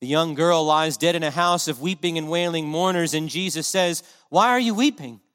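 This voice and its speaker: Man, preacher, high voice, earnest impassioned sermon, emphatic repetition, long hall reverb. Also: fairly even intonation, normal speed, a bit bright, smooth.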